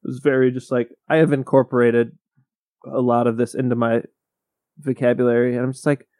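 A man's voice: medium pitch, little pitch movement, brisk, a little mellow, dry recording. Man with a dry close-mic sound. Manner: rambling, self-interrupting storyteller. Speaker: podcast co-host. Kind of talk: casual chat.

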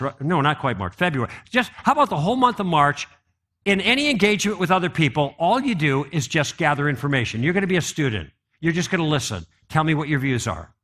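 A man's voice: high voice, pushed and bright. A man giving a conversational apologetics talk to a live audience, often asking them questions. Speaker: apologetics speaker.

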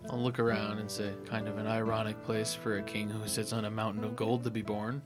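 A man's voice: on the low side, little pitch movement, brisk. Man, tabletop player, joking, faint music behind. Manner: jokey, laughs often. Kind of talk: casual chat at a tabletop game.

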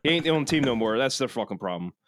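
A man's voice: mid-range voice, animated, fast, fairly bright tone, slight background noise. A man with a Philadelphia accent, a podcast guest talking casually in a loose, profane, rambling way full of restarts.

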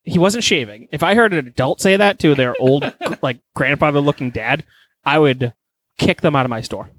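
A man's voice: on the high side, normal speed, fairly bright tone, no echo. A young man co-hosting a podcast, chatting casually with crude, profane jokes. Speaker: podcast co-host. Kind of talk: casual comedic chat.

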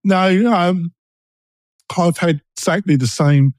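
A podcast host with an East London and Essex accent talks in a casual, rambling way, peppering his speech with ums and restarts. His voice is mellow and warm, and the recording sounds close and dry. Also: high voice, slow pace, no room sound. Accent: East London and Essex English. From England. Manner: chatty, many ums and self-interruptions.

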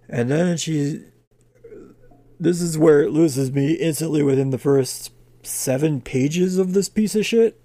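A man's voice: on the high side, normal speed, warm tone, no room sound. A man ranting in casual profane chat about a comic he hated, exasperated and swearing constantly. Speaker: comic review podcast co-host.

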